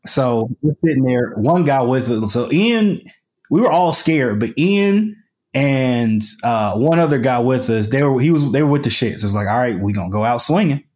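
A man's voice: mid-range voice, expressive, moderate pace, a little mellow. A man, a podcast guest, telling a story in a casual, colloquial way with lots of fillers and restarts. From United States.

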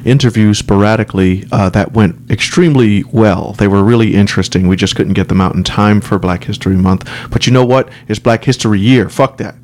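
Low-voiced male podcast co-host, casual, crude and joking. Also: brisk, few pauses, darkish tone, a little hiss or hum. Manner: blunt, profane, joking. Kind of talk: casual frank chat.

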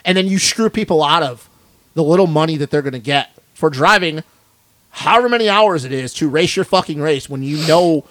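A man's voice: on the high side, expressive, fairly quick, fairly bright tone, no room sound. A man co-hosting a podcast in a studio, ranting bluntly and swearing a lot in casual chat. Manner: blunt, profane, fired-up ranting. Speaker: podcast co-host.

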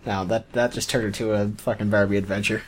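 A man's voice: fairly low pitch, level tone, fast talker, a little hiss or hum. A man co-hosting a casual podcast, profane and dryly teasing. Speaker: podcast co-host. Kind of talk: casual chat.

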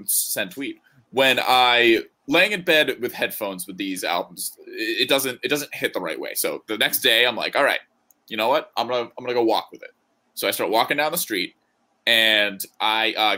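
A man co-hosting a podcast chats casually, joking as he rambles through his thoughts. His voice sits fairly low and has a sharp tone.

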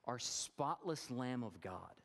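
A man's voice: medium pitch, expressive, slow pace, gravelly, fairly bright tone, long reverb tail. A man preaching a sermon as pastor, talking earnestly and rising to fervent emphasis.

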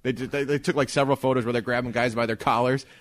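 A man's voice: medium pitch, fairly even intonation, racing. A man hosting a podcast, telling rambling, crude stories in casual chat and laughing along as he talks. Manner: rambling storyteller, profane and laughing. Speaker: podcast host.

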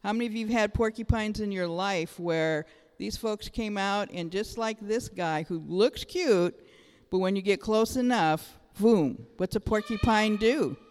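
A woman's voice: medium pitch, a little slow, darkish tone. A middle-aged woman preaches to her congregation, chatty and openly emotional, tossing questions out to the pews. Her voice carries a long, lingering reverb from the church hall around her. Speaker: church speaker. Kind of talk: sermon. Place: church sanctuary.

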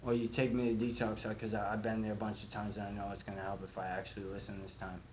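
A young Boston man with a Boston accent tells his recovery story to a live crowd, rambling and profane, full of "dude" and "like." His fairly low voice is completely flat, fast and darkish, in dull audio with slight background noise.

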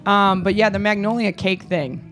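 A woman's voice: medium pitch, fairly even intonation, normal speed, a bit bright, faint music behind. A woman who is a guest on a podcast, casually telling stories and laughing often. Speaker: dungeon worker guest.

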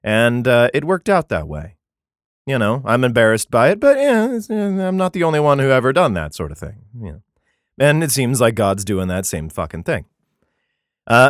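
Man, irreverent scripture commentator, swears freely, animated pitch, dry close sound. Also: moderate pace, no echo. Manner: profane, sarcastic, chuckling.

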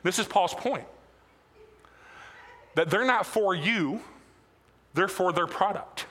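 A man's voice: high-pitched, lively intonation, slow pace, pushed and bright. A man preaching a sermon as pastor, conversational and self-deprecating, with casual asides. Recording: long hall reverb.

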